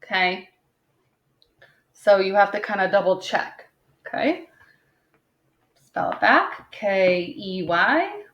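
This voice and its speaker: Slow, patient woman teaching phonics. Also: medium pitch, lively intonation, lo-fi sound. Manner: patient, checks in with "okay?" after most points; sounds words out slowly, tapping syllables. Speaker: second grade teacher. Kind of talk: recorded phonics lesson for young children. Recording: roomy echo.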